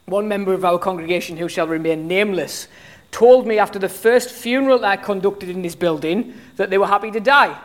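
A British preacher in their thirties delivers a sermon in a relaxed, conversational way. The delivery is animated, with frequent ums and restarts as thoughts form mid-sentence. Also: mid-range voice, brisk. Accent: British English. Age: 30s. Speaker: pastor.

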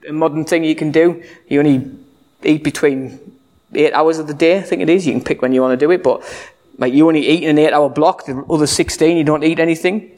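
A man's voice: on the high side, steady tone, fast, darkish tone. A man preaching a sermon in a conversational, humorous way, full of rhetorical questions. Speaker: pastor.

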